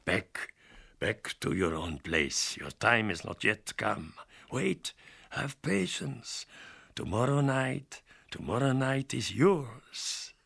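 A man's voice: mid-range voice, big pitch swings, takes it slowly, gravelly, a bit bright, breathy edge, voice pushed up, exaggerated voice. A man voicing a courtly, sinister old male vampire count in an audiobook, speaking with stately, suave courtesy that hides menace. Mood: hushed command. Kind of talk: audiobook character voice.

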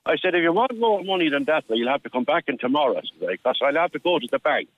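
A man's voice: on the high side, very animated, dry recording. An older Irish man tells a long story down a phone line that sounds thin and tinny. He restarts his sentences often, and he slips into the voices of the people he quotes. The sound is dry and close. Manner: halting storyteller with many restarts, acting out dialogue. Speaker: caller. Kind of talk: telling a personal story on a radio phone-in.

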